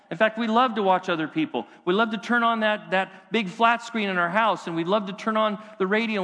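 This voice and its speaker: A middle-aged man preaching a sermon, building his voice up with passion and then dropping to hushed, quiet lines. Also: high-pitched. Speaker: pastor. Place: church sanctuary. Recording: reverberant church hall.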